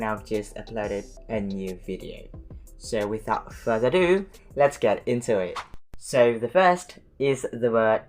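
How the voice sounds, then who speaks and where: Slow, careful man teaching. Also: on the low side, darkish tone, soft background music. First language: Indonesian. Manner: slow, careful syllable-by-syllable pronunciation. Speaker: language teacher. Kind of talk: YouTube language lesson.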